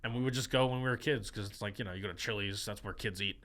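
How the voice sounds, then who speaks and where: A man's voice: lowish voice, racing, a bit bright. A man co-hosting a podcast in casual chat, rambling and stammering as he defends his point. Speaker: podcast co-host.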